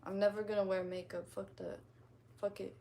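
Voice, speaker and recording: A woman's voice: medium pitch, flat delivery, normal speed, dark tone, slight background noise. A young woman casually chatting on a stream, reading out comments and reacting in a blunt, profane, rambling way. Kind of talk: casual livestream chat.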